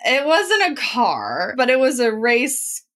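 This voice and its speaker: Lively, high-voiced woman co-host chatting. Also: slow pace. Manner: animated storyteller, lots of "like". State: voice recovering from being lost. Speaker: podcast co-host. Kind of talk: casual chat.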